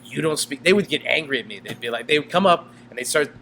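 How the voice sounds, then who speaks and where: A man's voice: medium pitch, fast, creaky, slight background noise. A man co-hosting a casual podcast, telling stories with lots of laughter and acted-out voices. He grew up in South America. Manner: animated storyteller, laughs often, acts out customers. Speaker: podcast co-host. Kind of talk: casual chat, storytelling.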